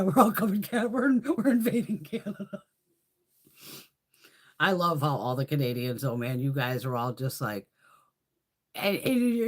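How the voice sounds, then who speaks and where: Chatting live on her makeup stream, a lively American woman with a low-sitting voice reads comments from viewers. She's blunt and foul-mouthed, swearing heavily and laughing often.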